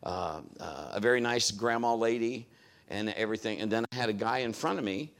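A man's voice: lowish voice, fairly quick. A man preaching a sermon in a conversational style, telling a story and acting out what others said. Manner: conversational, acts out quoted voices.

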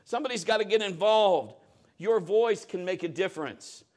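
A middle-aged man preaching a sermon, telling a story with lively shifts and acted-out voices. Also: high voice, moderate pace. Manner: animated storytelling, acting out voices and shouting at peaks. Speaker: pastor.

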